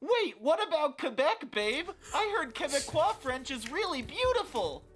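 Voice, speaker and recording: A man doing a whiny falsetto girlfriend. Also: very animated, moderate pace, fairly bright tone, soft background music, exaggerated voice. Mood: curious. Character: petulant young girlfriend, woman, called babe.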